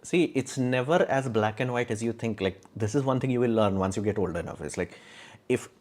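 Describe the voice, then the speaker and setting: A young man hosts a casual livestream, answering chat questions in a rambling, opinionated way full of fillers and restarts while explaining engineering in plain terms. His voice is medium-pitched and darkish, and he talks a little fast.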